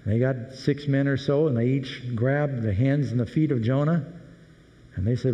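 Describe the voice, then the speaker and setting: A man preaching a sermon as a pastor, telling a story with animated shifts of voice. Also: normal speed. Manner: animated storytelling, voices sailors' questions with rising pitch. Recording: dull lo-fi audio with long hall reverb.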